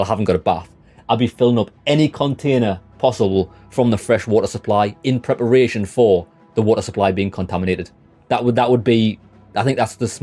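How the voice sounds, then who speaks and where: This gaming livestreamer is a young British man with a low-ish, darkish voice. He rambles casually to his chat while playing, blunt and swearing without restraint.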